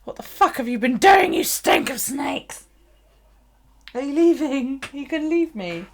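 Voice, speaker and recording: A grumpy, foul-mouthed pet dog, as a woman puts her on, muttering dismissive complaints under her breath. The voice stays low-key and offhand. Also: sing-song, unhurried, a little hiss or hum, heavily acted. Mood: indignant.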